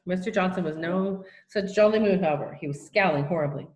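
A woman's voice: fairly low pitch, darkish tone, roomy sound, low-quality recording. Woman reading a children's novel aloud. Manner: plain, unhurried narration with small slips. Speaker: reader.

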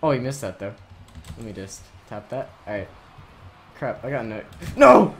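A man hosting a gaming channel, giving excited live commentary over his own match, often yelling and laughing at plays. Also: fairly low pitch, normal speed, a little hiss or hum.

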